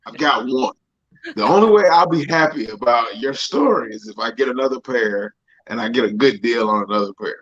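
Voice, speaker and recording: Man, co-host, casual chat, mid pitch, laid-back, muffled lo-fi audio. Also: fairly quick, a bit bright, husky.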